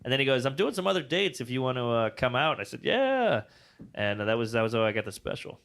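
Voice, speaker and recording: Here the comedian guest talks very fast in a creaky, medium-pitched voice, telling stories during a casual interview. He plays out the quoted lines with lots of energy and swears liberally.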